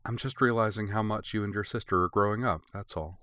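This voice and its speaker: A man's voice: lowish voice, steady tone, a little fast, pushed and bright, clear, resonant tone, no room sound. A man voicing a caring, wry middle-aged mother who teases her husband and speaks patiently to her daughter. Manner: teasing, patient.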